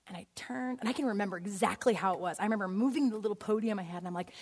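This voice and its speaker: A woman giving a storytelling sermon in a church auditorium, animated and laughing often as she acts out scenes. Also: mid-range voice, very fast, hardly any pauses, slightly rough. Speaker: guest speaker. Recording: long hall reverb.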